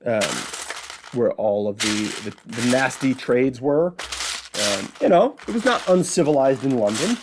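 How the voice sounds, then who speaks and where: Against a noisy background, an animated man with a mid-range voice talks a little slowly. This Chicago-accented host from Illinois, in the Midwest, runs a solo show and keeps things casual and talkative in an educational monologue. He explains by asking rhetorical questions and supplying the answers himself.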